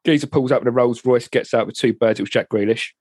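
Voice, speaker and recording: A man co-hosting a podcast, telling stories in a slangy, animated chat. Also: medium pitch, fast, no room sound, clean studio sound. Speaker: podcast co-host. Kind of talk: casual chat.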